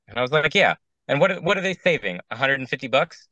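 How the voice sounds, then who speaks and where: Very animated and quick, a wedding DJ with a sharp, mid-range voice tells a rambling, exasperated story on a casual round-table show, playing both sides of every conversation himself. The recording is dry and lo-fi.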